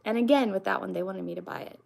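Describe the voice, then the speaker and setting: A woman's voice: medium pitch, fast talker, creaky, darkish tone. A young woman, chatting casually with her stream viewers in a rambling way, full of fillers and restarts. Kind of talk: casual live-stream chat.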